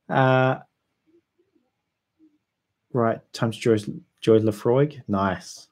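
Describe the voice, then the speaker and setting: A man's voice: mid-range voice, slow pace, pauses often. Chatty New Zealand man on a livestream. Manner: relaxed, chatty, frequent ums and laughs. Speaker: whisky YouTuber hosting a livestream. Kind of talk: casual livestream chat, reading viewer comments.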